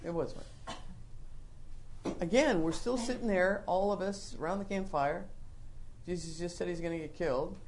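A woman preaching a sermon in an animated storytelling manner, acting out the scenes she describes. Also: fairly low pitch, a little slow, pauses often, slight background noise.

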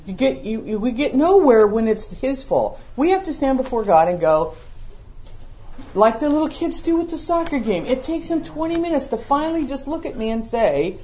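A middle-aged woman teaching a Bible study to a small group, animated and acting out the voices of the scripture. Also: high-pitched, fairly quick, few pauses, slight background noise. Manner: animated, acts out the scripture voices, laughs along.

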